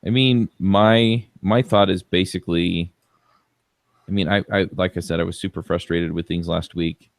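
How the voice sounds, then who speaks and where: Deep-voiced man telling a story on a podcast. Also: normal speed, creaky, no room sound, clean studio sound. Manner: relaxed storytelling with many fillers. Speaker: podcast co-host. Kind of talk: casual podcast chat.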